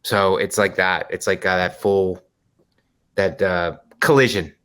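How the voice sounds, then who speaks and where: A man with a low voice, talking casually on a podcast. He works through his points slowly, with many fillers and restarts. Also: fairly even intonation, a bit bright, smooth. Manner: rambling, filler-heavy explaining. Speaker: podcast co-host. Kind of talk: casual chat.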